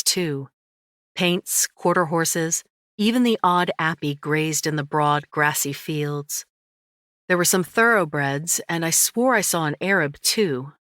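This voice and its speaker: A woman's voice: sits low, a bit bright, no room sound, studio quality. Reflective woman narrating an audiobook. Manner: measured, reflective storytelling. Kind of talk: first-person audiobook narration.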